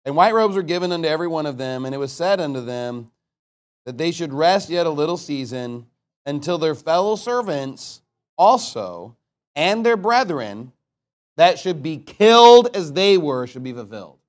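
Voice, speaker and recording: High-voiced man preaching a blunt sermon. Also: lively intonation. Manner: blunt, emphatic preaching with swings between loud and quiet; reads scripture in slow, solemn tones. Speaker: pastor.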